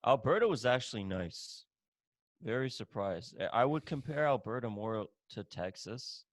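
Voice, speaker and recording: A man's voice: mid-range voice, animated, normal speed, dry recording. A man hosting a podcast, chatting casually in a blunt, profane, joking manner. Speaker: podcast host. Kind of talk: casual chat.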